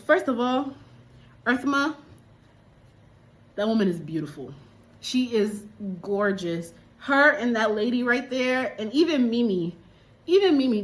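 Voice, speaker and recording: A woman's voice: mid-range voice, a bit bright. A woman from Liberia chatting animatedly and exclaiming as she reviews a film. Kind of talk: casual movie review.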